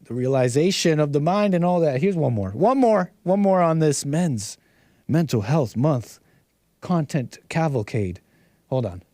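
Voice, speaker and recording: Rambling livestream host, dry close mic. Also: male voice, fairly high pitch, expressive, a little slow, dark tone, no echo. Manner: rambling, repeats himself, mocking asides. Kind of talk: reacting to videos on a livestream.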